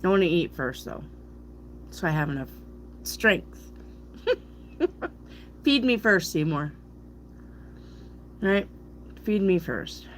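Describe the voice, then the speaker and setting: A woman's voice: sits low, slow, long pauses, a little hiss or hum. A woman tarot reader chatting casually with her viewers on a stream, bawdy and joking, laughing often. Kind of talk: casual live-stream chat.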